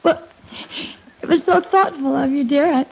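A woman's voice: sits high, moderate pace, creaky. A woman acting a sweet, affectionate wife in a 1940s radio sitcom, muffled old recording. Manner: sweet, affectionate, gently teasing.

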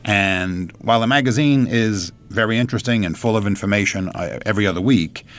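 A man's voice: on the low side, fairly quick, a bit bright. A man hosting a radio interview, chatty with joking asides. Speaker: radio host.

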